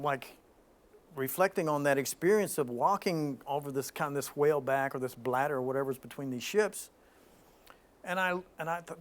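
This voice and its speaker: Guy with a bit of a high voice telling a dream story, restarts his sentences a lot. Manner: animated storytelling, frequent restarts. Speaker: spiritual talk host. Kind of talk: informal spiritual talk.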